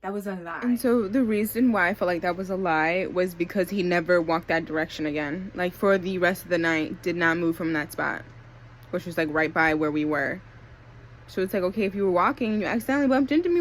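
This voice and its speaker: A young woman casually telling a story, animated, acting out what people said, with lots of fillers. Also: on the low side, fairly quick, a little hiss or hum. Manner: animated, acts out quotes, many fillers.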